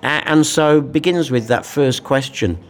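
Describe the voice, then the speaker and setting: A man in a conversational discussion of a Bible passage, speaking in a reflective, animated way. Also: medium pitch, a little slow. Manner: reflective, animated, acts out quoted lines.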